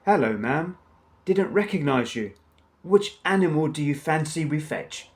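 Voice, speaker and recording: A man voicing a smooth-talking, bumbling male crook who speaks politely and eagerly, in a storybook reading. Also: on the high side, expressive, measured pace.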